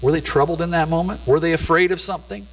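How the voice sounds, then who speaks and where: A middle-aged man preaching with a somewhat high voice and an easygoing, chatty delivery. He tells stories like he is talking with friends. His voice carries a long reverb from the church hall around him. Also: fast, a little hiss or hum. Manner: conversational storytelling, laid-back. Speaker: pastor. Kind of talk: sermon. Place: church sanctuary.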